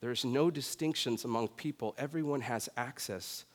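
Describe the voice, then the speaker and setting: A man's voice: mid-range voice, normal speed. Casual guy pastor telling a story from the pulpit, big hall echo, mid voice. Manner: conversational, self-deprecating, often says "right?". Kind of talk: sermon with personal story. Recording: long reverb of a large hall.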